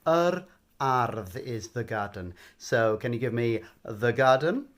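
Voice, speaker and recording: Man, bedtime language teacher, patient, coaxing, unhurried prompts. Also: mid-range voice, expressive.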